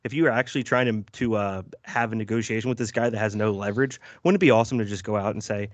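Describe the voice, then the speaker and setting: A man with a lowish voice gives blunt, profane opinions in a casual podcast chat, often stopping and starting over mid-sentence. His voice sounds close and dry. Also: no echo. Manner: opinionated, profane, halting with restarts. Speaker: podcast co-host.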